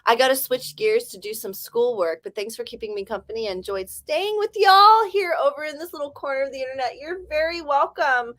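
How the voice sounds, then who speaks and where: A woman in her forties with an Ohio accent and a slight lisp hosts a casual writing-sprint livestream. Her voice sits high and a bit bright, with lively intonation, and she talks briskly with hardly any pauses. She's chatty, rambling, and self-deprecating.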